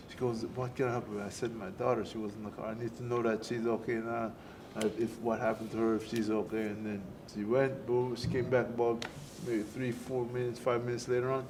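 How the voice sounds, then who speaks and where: A middle-aged man, a former boxer, telling his story in an interview. He speaks softly and haltingly, often repeating words as he recalls events. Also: medium pitch, flat delivery. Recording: noisy on-site recording.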